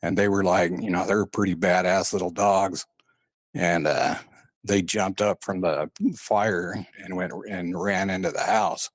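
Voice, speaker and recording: A man's voice: sits low, fairly even intonation, unhurried, no room sound, clean studio sound. A man telling a personal story in a casual, rambling way, full of "uh" and "and, uh". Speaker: guest recounting a paranormal experience.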